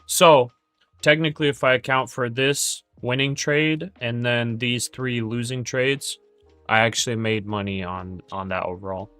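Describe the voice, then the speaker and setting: A man's voice: mid-range voice, fairly even intonation, unhurried, fairly bright tone, no echo, faint music behind. Rambling, joking male trading streamer. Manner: rambling and jokey, with many stammered restarts. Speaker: day trading livestream host. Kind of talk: casual livestream chat.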